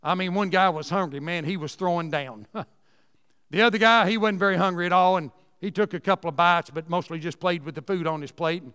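A man's voice: high-pitched, a little fast, a bit bright, clear, resonant tone, in a large hall. A man preaching a sermon in a church, folksy and emphatic, repeating key phrases for emphasis.

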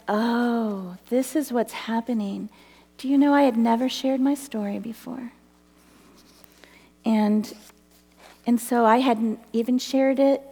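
Woman giving a testimony talk in a hall. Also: on the high side. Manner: earnest, animated storytelling with laughs and acted quotes. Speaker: speaker at a church women's gathering.

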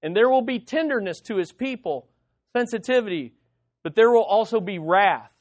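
With lively intonation and a moderate pace, a mid-range pastor preaches dramatically, asking rhetorical questions and drawing amens from the congregation. Loud, pressing lines give way to soft, hushed ones.

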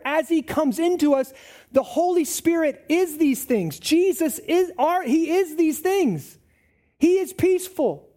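Mellow-voiced man preaching conversationally. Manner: conversational preaching, swinging from raised emphatic lines to low asides. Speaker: pastor. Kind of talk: sermon.

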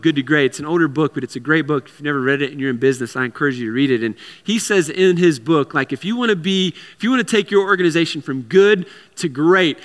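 A man's voice: high voice, sharp tone, big-room sound. A man preaching a sermon in a conversational way, with repeated words and casual asides. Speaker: pastor.

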